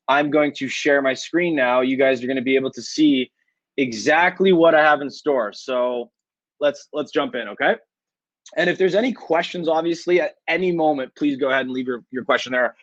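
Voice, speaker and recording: Energetic Canadian man giving a webinar. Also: a little high, dry recording. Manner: energetic, repeats "okay?" to check in. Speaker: workshop speaker. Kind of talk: webinar presentation. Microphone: online video call. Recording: dull dry webinar audio.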